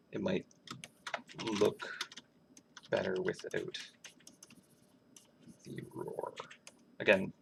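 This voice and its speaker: A man's voice: deep voice, creaky, background noise. A man who is a game artist, thinking aloud in a musing, self-questioning way as he draws on a livestream. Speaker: game artist streaming his work.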